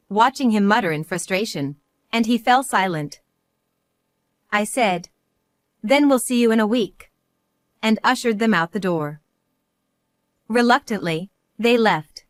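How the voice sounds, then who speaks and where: A middle-aged woman narrating a scripted first-person story at a mid pitch, calm and resolute. Her delivery is measured and the sound is dry and close to the mic. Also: dry recording.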